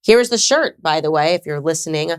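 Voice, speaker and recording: Her voice is low and smooth, brisk in pace with lively intonation. She's an American woman in her thirties hosting her own podcast, giving emphatic, conversational commentary to camera laced with sarcasm.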